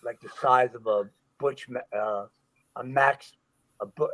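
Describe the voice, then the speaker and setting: Animated man telling a stunt story. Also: medium pitch, unhurried, rough recording. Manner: animated, acts out quoted voices and screams; loose, repeats himself with frequent fillers. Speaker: stuntman, guest. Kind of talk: storytelling in an interview.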